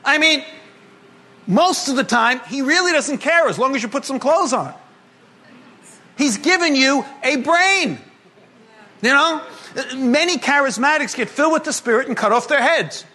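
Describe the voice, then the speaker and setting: Guy preaching a sermon, really high voice, jokey and animated, goes loud then hushed. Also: a little slow. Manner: animated and humorous, shifting between emphatic and hushed. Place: congregation gathering.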